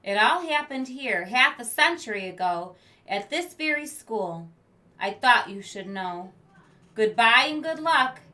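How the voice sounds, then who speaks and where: A woman reading as Mr. Creacher, a loud creepy monster sub. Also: fairly high pitch, lively intonation, measured pace. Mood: ominous. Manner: rhyming storyteller delivery, loud and emphatic. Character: creepy male monster substitute teacher, theatrical.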